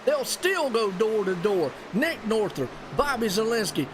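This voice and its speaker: A man doing live play-by-play commentary on a sim race, folksy and excitable, dropping y'all and ain't as he talks. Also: high voice, measured pace, background noise.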